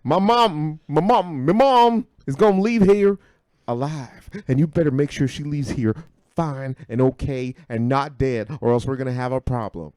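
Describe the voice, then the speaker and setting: A man voicing a huge angry grown man with a put-on country drawl, loud and threatening. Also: on the high side, normal speed, dry recording, studio quality, lightly acted. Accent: American country, put on.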